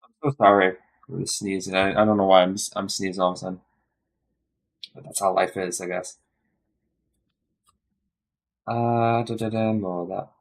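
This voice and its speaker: A man live streaming his study session, thinking aloud in a rambling way, correcting himself and slowly sounding out phrases. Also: sits low, flat delivery.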